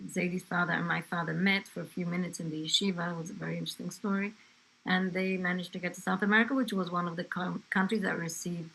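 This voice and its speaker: A woman's voice: fairly low pitch, vocal fry, fairly bright tone, poor audio. An older woman from England telling her grandchild family stories in a conversational way, with fillers and asides. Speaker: interviewee, grandmother. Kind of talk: family history storytelling.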